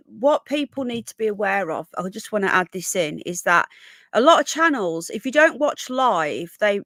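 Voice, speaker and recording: A woman's voice: medium pitch, fairly bright tone, no echo. Chatty woman live streaming. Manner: chatty, rambling, self-interrupting. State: coughing. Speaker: livestream host. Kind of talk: casual live stream chat. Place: home room.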